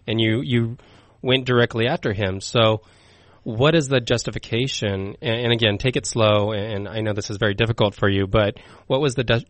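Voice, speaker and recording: A man's voice: on the low side, no echo. A man co-hosting a talk radio show, speaking plainly and earnestly. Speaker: radio co-host.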